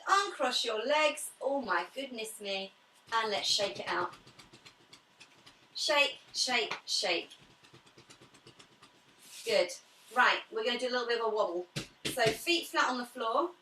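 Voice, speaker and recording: A pilates instructor guides a class through slow stretches and breathing, mixing calm, soft cues with friendly, chatty asides. Her voice is a little high. She is far from the mic in a noticeably echoey room, with slight background noise.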